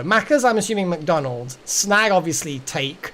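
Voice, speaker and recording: A man's voice: a little high, lively intonation, moderate pace, a little hiss or hum. Chatty rambling male game streamer. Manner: rambling, chatty, talks to chat. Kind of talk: casual gameplay commentary.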